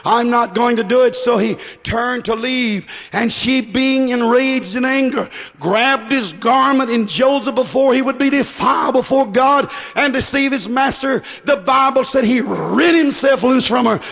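Gravelly, high-voiced shouting preacher. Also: male voice, measured pace, hardly any pauses. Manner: emphatic, swings from shouts to low asides. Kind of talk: sermon. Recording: echoey hall.

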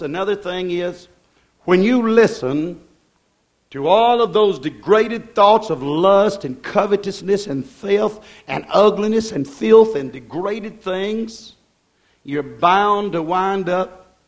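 A man's voice: high voice, expressive, slow pace. A man preaching a sermon in a plainspoken, folksy way, building up with emphatic repetition.

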